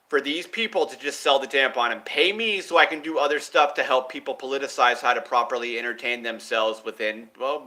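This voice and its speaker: A man talking straight to his viewers in a rambling, profane monologue, jumping between ideas and swinging widely in pitch and loudness. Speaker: vlogger.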